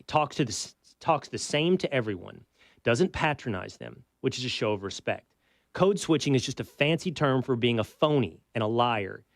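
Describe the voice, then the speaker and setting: Emphatic Texan talk radio host. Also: male voice, mid-range voice, no echo, clean studio sound. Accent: Texas. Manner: emphatic, conversational, rhetorical questions. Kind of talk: opinionated talk radio monologue.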